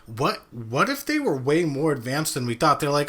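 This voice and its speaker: A man hosting a casual podcast, with a fairly high, bright voice. He delivers absurd jokes in a dry, deadpan way. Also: moderate pace. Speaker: podcast host. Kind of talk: casual chat.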